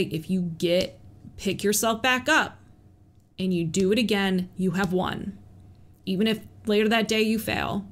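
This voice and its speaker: A woman who works as a police officer, talking candidly about recovery, earnest, with laughs between thoughts and calming phrases she repeats. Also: medium pitch. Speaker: police officer sharing her recovery story. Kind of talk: personal advice vlog.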